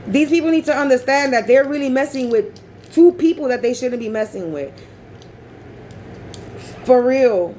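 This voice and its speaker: A woman's voice: high-pitched, animated, moderate pace, pauses often, mellow, a little hiss or hum, poor audio. A woman vlogger in a rambling casual monologue, talking bluntly and profanely.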